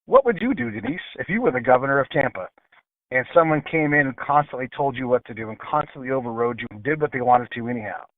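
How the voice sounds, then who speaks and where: A man's voice: mid-range voice, expressive, fast, no echo. A man with a military background, speaking as a radio talk show guest in an emphatic way and repeating words for stress. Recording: phone line.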